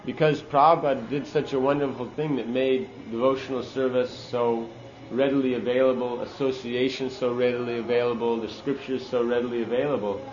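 A man's voice: medium pitch, level tone, brisk, hardly any pauses, roomy sound, highs cut off, noisy background. A man giving a sermon-style scripture class, earnest and emphatic, using Sanskrit terms.

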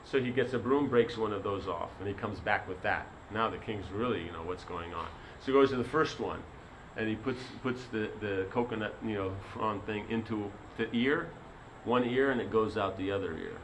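A man's voice: fairly low pitch, normal speed, few pauses, a little hiss or hum, poor audio. A man giving a sermon as a spiritual teacher, telling a story in a rambling way full of "you know".

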